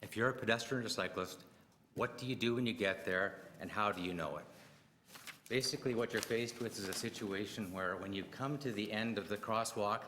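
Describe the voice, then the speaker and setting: A middle-aged man giving an earnest, hurried public deputation at a council meeting, firing off pointed questions. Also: lowish voice, sharp tone. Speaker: public deputant at city committee. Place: council chamber. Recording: long reverb, faint room noise.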